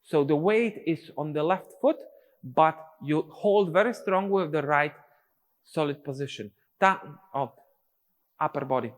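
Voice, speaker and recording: A man's voice: a little high, unhurried, in a large hall. A male dance teacher, explaining steps and counting rhythms aloud in syllables. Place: dance studio.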